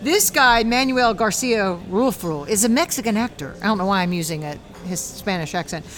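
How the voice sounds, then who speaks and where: A woman hosting a casual chat, lively and excitable, with quick asides. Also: mid-range voice. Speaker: host.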